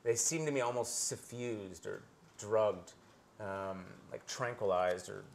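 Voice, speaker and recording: A man's voice: lowish voice, takes it slowly, vocal fry. A man from Canada giving a live presentation to an audience, earnest and searching, with many restarts.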